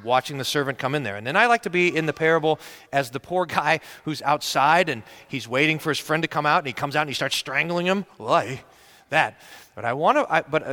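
A man's voice: on the high side, bright, forceful tone. A male pastor preaching a sermon in a conversational storytelling manner, often restarting his sentences.

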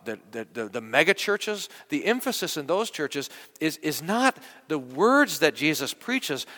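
A male pastor preaching in a lively, conversational way, circling back and repeating words as he thinks aloud. His voice sits a little high and sounds bright and forceful. A long reverb from the church space trails after each phrase. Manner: conversational, animated, many restarts and repeated words. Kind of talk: sermon.

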